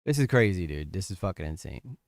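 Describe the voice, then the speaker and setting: A man's voice: low-pitched, animated, fairly quick, creaky, a little mellow, dry recording, studio quality. A man commenting on a stream, crude and exasperated, mocking what he reads.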